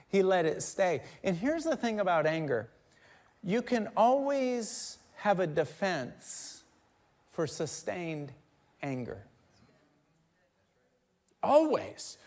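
A middle-aged male pastor preaching a conversational sermon, joking with the crowd and swinging between quiet asides and loud emphatic bursts. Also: on the high side. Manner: conversational, jokes with the congregation.

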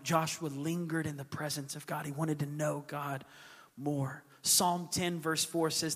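A male pastor preaches with passion, his voice swelling to emphatic peaks and sinking to near-whispers. His voice sits a little higher than most men's, and it rings through the long reverb of a big hall. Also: flat delivery, a little slow. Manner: passionate, building to emphatic peaks, then hushed. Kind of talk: sermon.

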